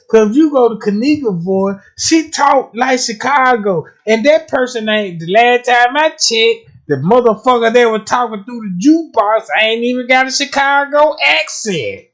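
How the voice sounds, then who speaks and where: A man's voice: extremely high pitch, normal speed, a bit bright. A man with a country Southern US accent hosting a livestream, talking casually with a lot of profanity, often repeating words as he stumbles and checking that his listeners follow. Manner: keeps asking listeners if they follow. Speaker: livestream host.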